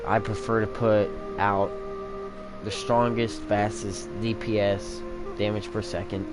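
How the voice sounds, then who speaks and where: A man's voice: lowish voice, level tone, measured pace. A man giving casual commentary on his own gameplay, rambling and thinking aloud while he has the hiccups. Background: game music.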